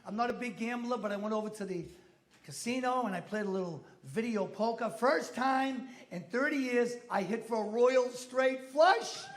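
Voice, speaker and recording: Comic guy, middle aged, real high voice, punchy storytelling, swears a lot. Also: moderate pace. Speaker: stand-up comedian. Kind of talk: stand-up routine. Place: comedy club stage.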